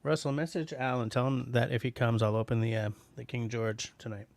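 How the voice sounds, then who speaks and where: A man's voice: medium pitch, little pitch movement, a little fast, creaky, slight background noise. A middle-aged man from Canada hosting a casual livestream, reading out chat messages and rambling with lots of restarts and fillers.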